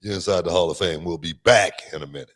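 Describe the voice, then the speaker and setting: A man's voice: low-pitched, fast talker. A middle-aged man hosting a casual sports podcast in a studio. He talks in a laid-back way and repeats words while he gathers his thoughts. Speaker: podcast host. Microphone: studio microphone.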